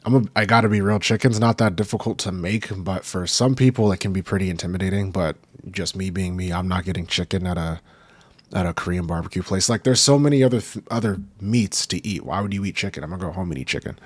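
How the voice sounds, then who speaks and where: Young man, very deep voice, dry close sound, rambling casual podcast talk, swears freely. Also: fast, dry recording. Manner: rambling, profane, laid-back with restarts. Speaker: podcast host. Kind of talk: casual solo podcast chat. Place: home recording room.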